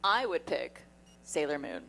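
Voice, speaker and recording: A woman's voice: low voice, very animated, a little slow, creaky, very noisy. A woman voice actor on a convention panel, playful and teasing. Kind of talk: casual panel chat. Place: convention stage.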